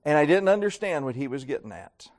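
A middle-aged man delivers a sermon in a folksy, storytelling way, acting out the lines of the people in his stories. His voice sits a little on the high side for a man. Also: sing-song, fast. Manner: folksy storytelling with acted quotes. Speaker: pastor.

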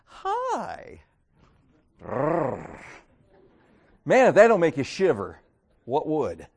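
A man preaching a sermon to his congregation. His voice sits high and leaps up and down across a wide range. He keeps slipping into exaggerated, mocking voices to act out his points. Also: wildly swooping pitch, normal speed, darkish tone. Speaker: pastor.

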